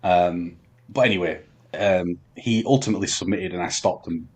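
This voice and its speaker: A man telling a long story on a podcast, halting with many ums and restarts. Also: deep voice, husky. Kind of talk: casual storytelling chat.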